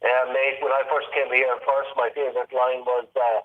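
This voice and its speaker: A man's voice: mid-range voice, flat delivery, moderate pace. A man from Ireland with a Kerry accent, calling in by phone to a casual chat, bantering in a jokey, matey way. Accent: Kerry Irish. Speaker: caller. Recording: phone line.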